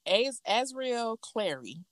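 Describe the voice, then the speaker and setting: A woman in casual chat, telling a gossip story with lively acted-out quotes. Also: slow, no echo. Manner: animated storytelling, acts out quotes in a higher voice.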